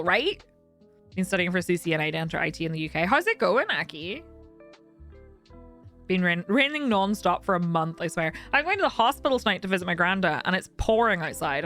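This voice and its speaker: A woman's voice: medium pitch, pushed and bright. A young woman streaming and chatting casually with viewers, candid and talkative, laughing often.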